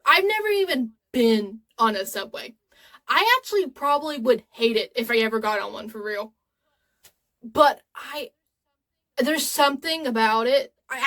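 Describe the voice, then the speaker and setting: Twenty-something woman rambling to her camera, kinda high voice, lots of "like". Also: a bit bright. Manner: rambling, chatty, full of "like"; earnest and openly emotional. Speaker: vlogger. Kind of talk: casual talking-to-camera vlog.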